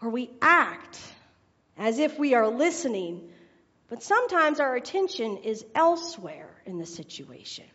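A woman's voice: on the high side, sing-song, a little slow, fairly bright tone. A woman preacher telling a joke and then giving her sermon, chatty and laughing at her own jokes. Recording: reverberant hall, dull sound.

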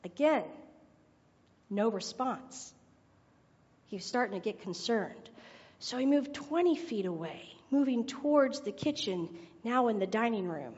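Woman preacher, high voice, chatty storytelling sermon, long hall reverb, dull sound. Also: a little mellow. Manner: chatty storytelling, laughs at her own jokes. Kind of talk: sermon with a told joke.

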